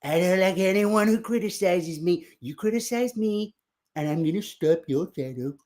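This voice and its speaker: A man's voice: sits high, normal speed, darkish tone, close to an everyday voice. A man doing a mocking impression of an angry, boastful older male politician who rants petulantly.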